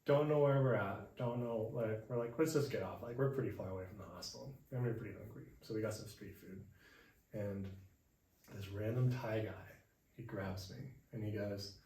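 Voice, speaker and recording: A young man hosting a podcast, telling a travel story in a relaxed chat at home and acting out the people he met. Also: on the low side, moderate pace. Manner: animated, acts out quoted voices. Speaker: podcast host. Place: indoors at home. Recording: echoey room, mic far off, faint hiss.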